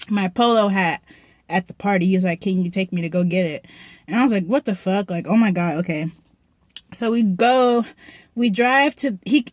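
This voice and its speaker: A woman's voice: mid-range voice, no echo. Young woman, dry close storytime. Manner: profane, slangy storytelling with frequent throat clearing. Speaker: vlogger. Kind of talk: casual storytime. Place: parked car.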